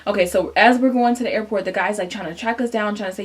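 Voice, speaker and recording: A young woman telling a casual storytime vlog straight to her viewers, animated and chatty, acting out what people said. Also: mid-range voice, fast talker. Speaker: vlogger.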